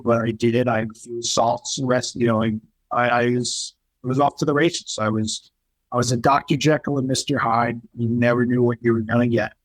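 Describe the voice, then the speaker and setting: A man's voice: medium pitch, dry recording, poor audio. Candid New man telling his story. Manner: candid, animated retelling with quoted voices. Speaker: podcast guest. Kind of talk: casual storytelling.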